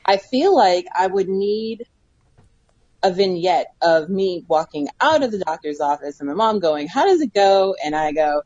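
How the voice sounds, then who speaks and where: A woman's voice: on the low side, measured pace, darkish tone, no echo, highs cut off. A woman co-hosting a casual talk show, chatting candidly, telling stories and laughing easily. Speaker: podcast co-host. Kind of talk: casual chat.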